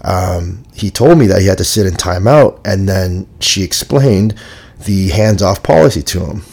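Gravelly low-voiced man, laid-back podcast host. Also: expressive, moderate pace, darkish tone. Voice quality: gravelly, husky. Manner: laid-back, candid, swears freely. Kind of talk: casual monologue.

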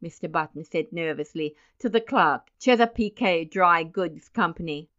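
A woman narrating a story aloud in a wry, expressive reading. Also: on the low side, measured pace. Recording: dull lo-fi recording.

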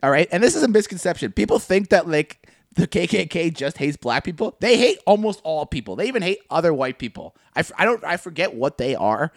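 A man's voice: a little high, big pitch swings, fairly quick, no room sound, clean studio sound. A young man co-hosting a podcast, talking in crude, rambling banter with frequent laughs. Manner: profane, rambling, laughs often, mocking voices. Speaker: podcast co-host.

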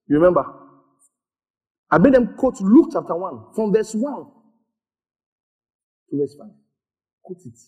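A male pastor delivers a sermon in a high, lively voice that swoops up and down. He calls out for the congregation to repeat after him, and often breaks into laughter. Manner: animated preaching, calls for responses, laughs often.

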